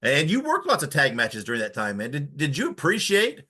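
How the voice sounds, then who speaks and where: A man hosts a podcast and asks his guest questions with casual, fan-like enthusiasm. His voice is bright and his pitch moves a lot. He sounds eager to hear the answers. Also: huge pitch swings, a little fast, slightly rough. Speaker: podcast host. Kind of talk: interview questions.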